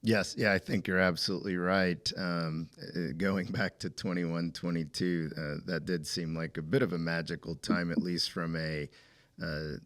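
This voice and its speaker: A man's voice: deep voice, flat delivery, normal speed, a bit bright. A man hosting an interview podcast, asking questions conversationally with frequent "uh" fillers. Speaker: podcast host.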